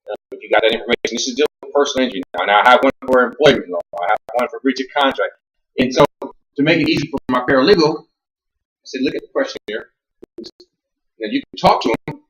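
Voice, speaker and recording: A man's voice: mid-range voice, a bit bright. Echoey man lecturing a class. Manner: conversational, repeats and restarts words, asks the class questions. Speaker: law instructor and attorney.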